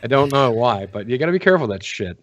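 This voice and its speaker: A man's voice: mid-range voice, sing-song, racing, lo-fi sound. A man on a podcast panel telling crude, self-mocking stories in casual banter. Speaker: guest panelist.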